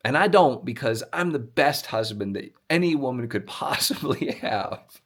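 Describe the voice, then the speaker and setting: A man's voice: medium pitch, lively intonation, moderate pace, a bit bright. A middle-aged man hosting a casual motivational monologue, with dry, self-mocking humor. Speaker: motivational video host.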